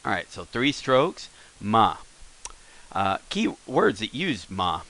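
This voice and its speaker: Rambling, low-voiced male teacher. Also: big pitch swings, slow, sharp tone, rough recording. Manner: rambling, self-correcting explanations with many fillers. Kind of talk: casual recorded lesson.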